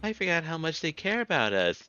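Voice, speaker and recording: Pleading little girl in a high squeaky voice, a man puts it on, muffled with faint game music. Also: sing-song, a little fast, bright, forceful tone, smooth, no room sound. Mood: earnest. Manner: pleading, earnest. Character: naive young girl who idolizes a hero.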